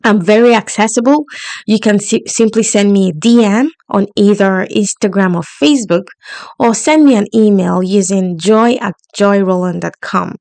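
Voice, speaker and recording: A woman's voice: mid-range voice, moderate pace, gravelly, darkish tone, dry recording. A woman hosting a solo podcast, coaching her listeners in an encouraging, upbeat tone. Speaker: podcast host and money coach.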